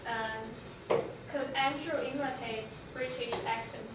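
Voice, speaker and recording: Slow woman reading questions from afar. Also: a little high, steady tone. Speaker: co-host reading out audience questions. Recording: echoey room from far off, noisy.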